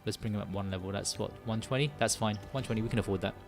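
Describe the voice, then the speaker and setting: Low-voiced man musing over a game. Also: racing, gravelly, faint music behind. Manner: thinks aloud, muttering and correcting himself. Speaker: gaming streamer. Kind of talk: casual live-stream commentary while playing.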